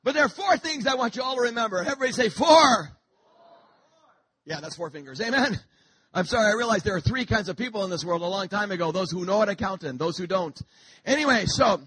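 A man preaching a sermon in church, alternating shouting and jokes with the congregation. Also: slightly rough. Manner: shouting, joking, high-energy preaching.

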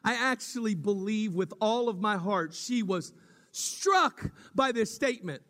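A man preaching a sermon as pastor, swinging from loud dramatic cries to hushed whispers. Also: sits high, lively intonation, unhurried, in a large hall.

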